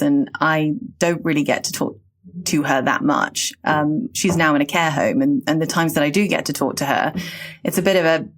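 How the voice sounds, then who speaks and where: English woman in her late thirties, slightly low voice, reflective podcast talker. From England. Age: late 30s. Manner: reflective, earnest, halting. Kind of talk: casual podcast chat.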